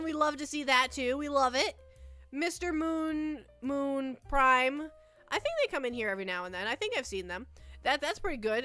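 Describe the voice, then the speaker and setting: A woman's voice: high voice, pushed and bright. A young woman streaming, chatting casually and rambling, often stammering and repeating herself, squealing with delight when she thanks her viewers. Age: young adult. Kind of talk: casual livestream chat.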